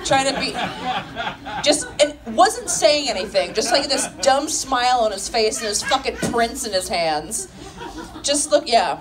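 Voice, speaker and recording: A woman's voice: on the high side, animated, unhurried, a crowd in the background. A woman in her thirties doing profane, laughing stand-up storytelling in front of a live audience. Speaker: comedian.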